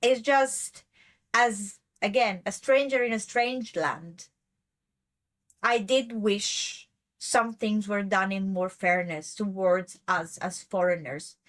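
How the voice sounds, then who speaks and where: A woman's voice: medium pitch, steady tone, takes it slowly, a bit bright. A woman hosting a podcast whose first language is not English, giving a rambling, emphatic casual commentary full of fillers and self-corrections. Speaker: podcast host.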